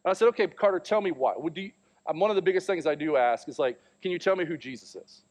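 A man's voice: on the high side, fast. A man in his thirties preaching a sermon, telling a family story and acting out the voices in it. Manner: storytelling, animated, acts out quotes. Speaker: pastor.

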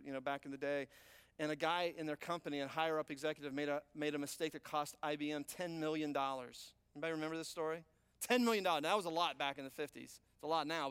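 A middle-aged man preaching, his voice sitting high for a man. He tells stories with animation, jumping from loud, emphatic lines to quiet, hushed asides. The sound is dry and close. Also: clean tone, dry recording. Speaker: pastor. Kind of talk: sermon.

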